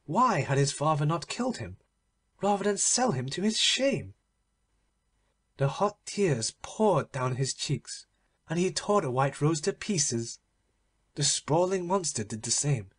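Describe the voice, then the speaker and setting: Husky expressive male storyteller. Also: a little high. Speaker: narrator. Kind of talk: audiobook story reading.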